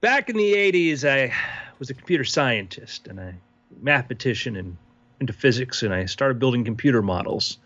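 A man voicing a wealthy, secretive man in his sixties, calm and quietly unsettling in a comedic role-play. His delivery is measured, with lively rises and falls in pitch. The audio is a little dull and lo-fi. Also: no room sound. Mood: self-assured. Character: reclusive wealthy older man, calm and creepy. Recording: slightly dull lo-fi podcast audio.

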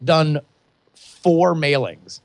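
A young adult man co-hosting a podcast, chatting casually and excitedly with many restarts. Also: a little high, very slow, vocal fry, no room sound. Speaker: podcast co-host. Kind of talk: casual chat.

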